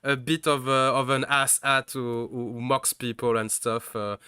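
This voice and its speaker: A man hosts a live interview in English, searching for words with many pauses and restarts. His voice is bright and smooth, with a crisp edge. The recording sounds close and dry. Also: mid-range voice, steady tone, dry recording. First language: French. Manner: hesitant, many fillers and restarts. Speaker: host. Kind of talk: casual live-stream interview.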